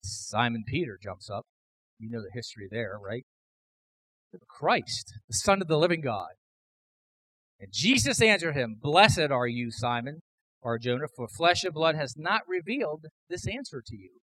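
A man preaching a sermon as pastor, emphatic, building to loud repeated declarations. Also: medium pitch, sing-song, unhurried, no echo, rough recording.

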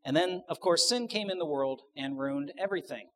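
A man's voice: fairly high pitch, fairly quick, a bit bright, slight background noise. A man preaching a sermon to his congregation, conversational, asking the audience questions and adding joking asides. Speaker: pastor.

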